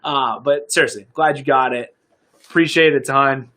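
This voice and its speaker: This young US fitness coach keeps things relaxed and cheerful on his live stream, wandering through fillers and false starts as he promotes a product. He sounds steady, bright, and forceful, speaking at a moderate pace.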